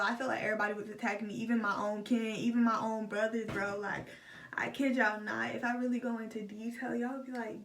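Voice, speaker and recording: A young adult woman talking candidly to her phone camera in a storytime vlog, with lots of swearing and "like" fillers. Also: fairly high pitch. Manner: raw, candid, profane, heavy filler "like". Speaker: vlogger. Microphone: old phone camera. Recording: roomy sound from a distant phone.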